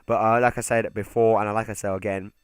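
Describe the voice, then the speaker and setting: A man's voice: lowish voice, little pitch movement, brisk, smooth, dry recording, low-quality recording. Man giving chatty gameplay commentary, dry sound. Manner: chatty, talks straight to viewers. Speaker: gaming channel host.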